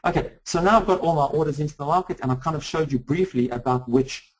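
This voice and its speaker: A man presenting a live trading webinar, explaining chart indicators quickly with many fillers and restarts. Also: fairly high pitch, poor audio. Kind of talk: live webinar screen-share walkthrough.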